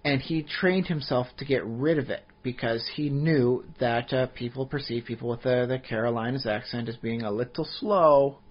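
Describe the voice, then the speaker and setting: A man with a husky voice, chatting on a podcast and rambling with many restarts. His pitch sits in the middle. The audio is dull and lo-fi. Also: moderate pace, hardly any pauses. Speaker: podcast co-host. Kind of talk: casual chat.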